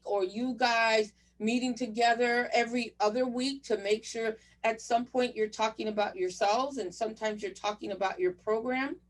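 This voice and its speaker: A woman's voice: fairly high pitch, distant mic. A woman giving a motivational conference talk to new chief residents, direct and encouraging. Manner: direct, encouraging, addresses audience as "you guys". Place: virtual conference session.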